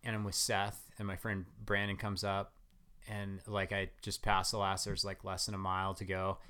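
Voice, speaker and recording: A man with a fairly low voice chatting as a guest, rambling through a story full of fillers. He tells it in an animated, storytelling way. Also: normal speed, clear, resonant tone. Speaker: guest runner. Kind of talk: casual interview chat.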